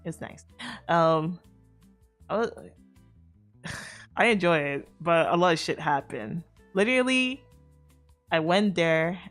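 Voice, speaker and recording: A woman streamer telling a casual, rambling story to her chat, full of fillers, restarts and the odd swear word. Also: low-pitched. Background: faint background music.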